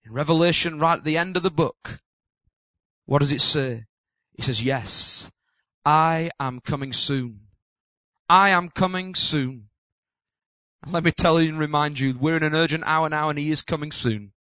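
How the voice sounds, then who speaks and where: High bright-voiced preacher, impassioned. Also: male voice, dry recording. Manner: impassioned preaching, builds to loud emphatic peaks then slows to drawn-out words. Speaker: pastor. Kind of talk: sermon.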